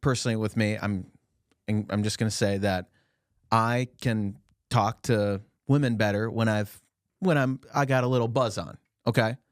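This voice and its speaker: A man's voice: lowish voice, steady tone, moderate pace, clean tone, no echo, clean studio sound. A man co-hosting a comedy podcast, ranting in a mock-aggressive bro voice with heavy swearing. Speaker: podcast co-host.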